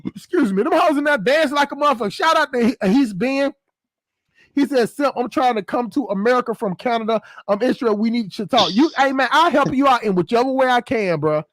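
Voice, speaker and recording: A man's voice: extremely high pitch, lively intonation, a little fast, a bit bright, dry recording. A man hosting a casual livestream chat, rambling and slangy, laughing often. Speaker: host.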